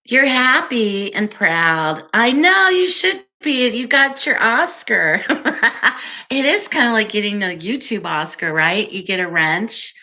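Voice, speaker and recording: Slow, soft-voiced woman host. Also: medium pitch. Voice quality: soft, calming voice. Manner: chatty and unhurried, giggly. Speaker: livestream host. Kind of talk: casual livestream chat answering viewers.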